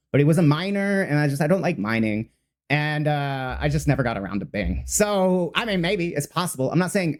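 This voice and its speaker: A man streaming his first read of game patch notes, talking off the cuff with lots of fillers, restarts and the odd swear. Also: a little high. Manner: rambling, excitable, many fillers and restarts; swears casually.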